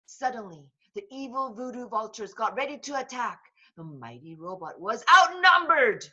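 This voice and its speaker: Bright-voiced woman reading a kids' book aloud. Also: fairly high pitch, dull audio. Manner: slow, expressive read-aloud delivery. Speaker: storybook reader.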